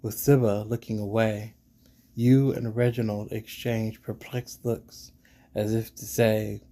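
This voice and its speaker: A man reading an interactive fantasy gamebook aloud at a measured pace and thinking his choices through casually, recorded at home. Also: lowish voice, little pitch movement, dark tone. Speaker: gamebook narrator and player.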